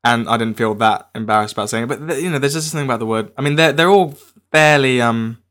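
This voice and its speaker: A man's voice: mid-range voice, quick pace, a bit bright. A man, co-hosting a casual chat, hesitant and often repeating his words.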